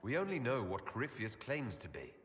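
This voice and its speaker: A man voicing a male leader who speaks in a calm, dry and direct way. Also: mid-range voice, brisk. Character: steady male inquisitor leader, dry-humored. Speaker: player character, leader. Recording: game audio with long reverb and ambience.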